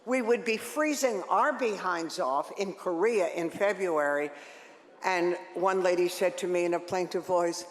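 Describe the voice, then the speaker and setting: A woman's voice: lowish voice, unhurried. Older woman telling funny stories in an echoey hall. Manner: lively, joking, animated storytelling. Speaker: radio host telling career stories. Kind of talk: storytelling talk to an audience. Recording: echoey hall with long reverb.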